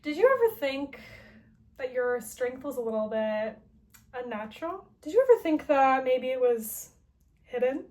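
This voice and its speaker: A woman's voice: high voice, animated, moderate pace, a little mellow. Woman paraphrasing a taunting villain. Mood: mocking. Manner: casual paraphrase full of "like". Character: taunting male mad-scientist villain.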